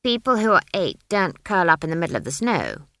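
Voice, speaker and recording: A stern old village witch, as a woman reader puts her on, blunt and brisk, with a rustic turn of phrase. She speaks a little louder than the narration, in a lowish, dry voice with little room around it. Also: sing-song, dry recording, full character voice. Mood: coaxing.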